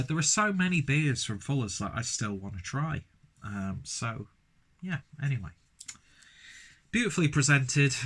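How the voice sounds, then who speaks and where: A man's voice: lowish voice, a bit bright, slight background noise. A man casually reviewing a beer, rambling with lots of fillers and restarts.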